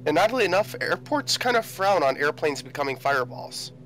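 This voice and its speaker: A man's voice: on the high side, very animated, a little fast, fairly bright tone, faint music behind, poor audio. A man from the Chicago area chatting casually on a flight sim stream, dry and fond of telling stories. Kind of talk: casual chat.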